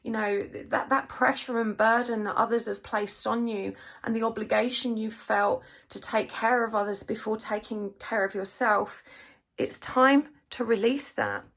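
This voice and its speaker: A woman giving a gentle, reassuring tarot reading, emotional at times. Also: a little high, steady tone, normal speed. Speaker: tarot card reader. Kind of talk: gentle spiritual reading to camera.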